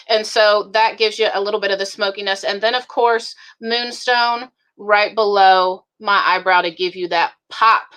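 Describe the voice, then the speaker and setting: A woman's voice: medium pitch, sharp tone. A woman presenting makeup in a live demonstration, chatty and upbeat, calling viewers girlfriend. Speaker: beauty product presenter.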